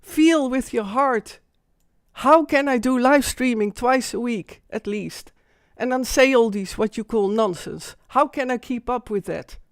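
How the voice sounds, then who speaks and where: Woman hosting a live stream, shaken and intense, slow delivery, fairly high voice. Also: dry recording, studio quality. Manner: intense, insistent, repeats herself. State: shaken and emotional. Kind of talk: emotional live-stream monologue.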